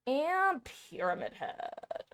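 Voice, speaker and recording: A woman's voice: high voice, wildly swooping pitch, extremely slow, fairly bright tone. A young woman streaming live, chatting casually and self-deprecatingly with her viewers.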